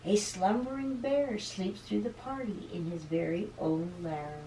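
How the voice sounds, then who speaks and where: A woman reading a picture book aloud to children as a teacher. She stops to explain words and sounds animated. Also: medium pitch, a little slow, hardly any pauses, slight background noise. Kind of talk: read-aloud storytime. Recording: roomy room, distant mic.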